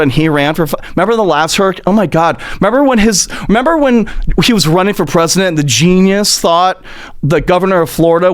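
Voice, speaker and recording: Profane ranting man, high-pitched. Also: clean tone. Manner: profane, mocking, jumps into high silly put-on voices. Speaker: podcast host. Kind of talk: comedic political rant.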